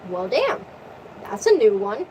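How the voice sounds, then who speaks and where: A woman's voice: mid-range voice, wildly swooping pitch, measured pace, dark tone. Woman putting on a slangy crude goddess. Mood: brash. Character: brash flirty goddess woman, blunt. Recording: distant mic, faint noise.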